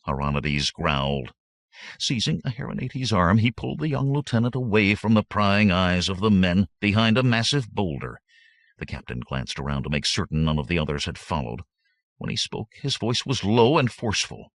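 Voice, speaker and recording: Deep, lively male audiobook narrator. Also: normal speed, no room sound. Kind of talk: scripted narration.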